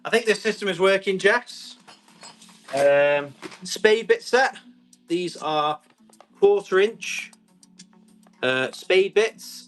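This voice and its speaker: A man, selling tools on a live stream, chatty and quick to describe each item and call out the bids. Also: sits high. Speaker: live auction seller.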